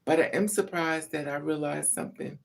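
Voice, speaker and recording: Animated, frank woman telling a story. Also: low-pitched, brisk, gravelly. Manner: animated, swings between loud and hushed, laughing; frank and profane. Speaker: vlogger. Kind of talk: casual storytelling.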